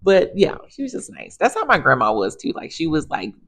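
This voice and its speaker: A woman with a low-pitched voice talks casually to her viewers. She is a physical therapist sharing work stories in a chatty, animated monologue. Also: brisk.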